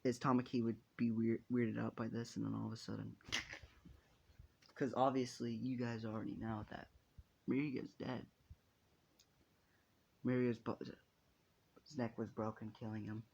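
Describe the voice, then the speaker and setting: A man's voice: mid-range voice, flat delivery, normal speed, creaky, long pauses, a little mellow, muffled recording. A man narrating an improvised fan story in a rambling, casual way, with many restarts and casual swearing.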